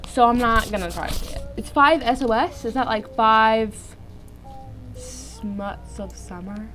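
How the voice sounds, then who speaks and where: A young female vlogger with a slightly high, somewhat bright voice reads fan fiction into her phone at an unhurried pace. She giggles, rambles, and keeps stopping to comment on the text, over soft music in poor-quality audio.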